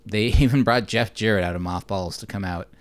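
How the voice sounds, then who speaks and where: A man's voice: lowish voice, brisk, no echo. A man co-hosting a podcast, casually recapping a movie plot with fillers and side notes. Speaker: podcast co-host.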